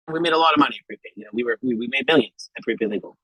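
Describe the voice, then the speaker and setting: A man's voice: medium pitch, huge pitch swings, very fast, vocal fry, hardly any pauses, pushed and bright, breathy edge, no room sound, low-quality recording. A middle-aged man giving an emphatic, motivational talk on a group call about building a sales team, often repeating himself and checking in with "okay?". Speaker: network marketing leader speaking on a group call.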